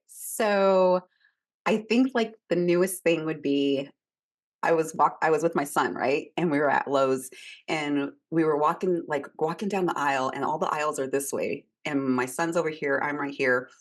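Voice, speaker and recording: A woman podcast co-host telling a personal story in a casual, animated way, laughing often and filling her talk with "like". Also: low voice, moderate pace.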